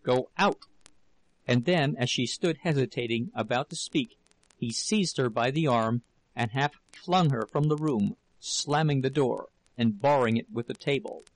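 A man narrating a novel in an audiobook with a steady, measured reading. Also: mid-range voice, no room sound, poor audio. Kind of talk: scripted narration.

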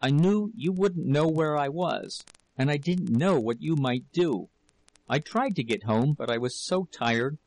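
A man's voice: on the high side, expressive, measured pace, a little mellow, no echo. A man voicing a sobbing, frightened young wife. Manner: breathless, pleading.

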